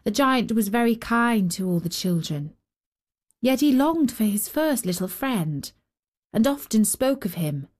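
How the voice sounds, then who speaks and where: A woman hosting a storytelling show, reading a children's story in a slow, expressive narration. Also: on the high side. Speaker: storyteller host. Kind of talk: scripted narration.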